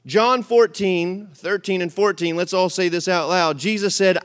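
A man's voice: sits high, moderate pace, hardly any pauses, clear, resonant tone. A man giving a sermon, telling a comic story with frequent "all right?" asides before turning to scripture. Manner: animated, comic delivery. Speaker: pastor.

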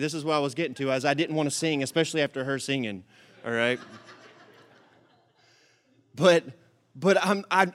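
Guy preaching with a light high voice, jokey storytelling, lots of "all right?". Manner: animated, comic delivery. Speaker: pastor. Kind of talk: sermon.

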